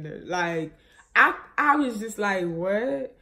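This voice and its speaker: A woman's voice: mid-range voice, measured pace, pushed and bright. A young woman vlogger, telling viewers a painful personal story in a rambling, grieving way, full of fillers and restarts. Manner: grieving, subdued and shaky.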